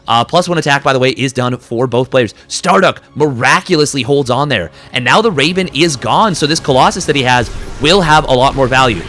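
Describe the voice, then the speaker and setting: A man doing live game commentary as a caster, excitable and breaking into quick bursts during fights. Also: mid-range voice, faint music behind. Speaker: esports caster.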